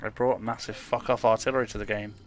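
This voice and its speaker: A man's voice: on the low side, little pitch movement, fast talker. A man co-hosting a podcast while playing a video game, joking brashly and swearing freely. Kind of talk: casual chat with live gameplay commentary.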